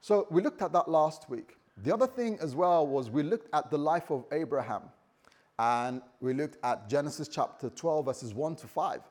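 Animated joking male preacher. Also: a little high, normal speed. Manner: animated, joking, acts out stories. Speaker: pastor. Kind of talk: sermon. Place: church.

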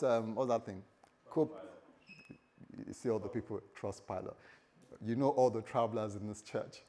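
A male pastor preaching a sermon in a church, animated and joking, acting out the stories he tells. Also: medium pitch, normal speed.

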